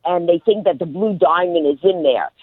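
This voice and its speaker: A woman guest telling a story on a radio show in a lively way, acting out the people in it, over a phone line. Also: fairly low pitch, normal speed, breathy edge, no room sound. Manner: lively, acts out every character. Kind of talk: animated storytelling on a radio call-in.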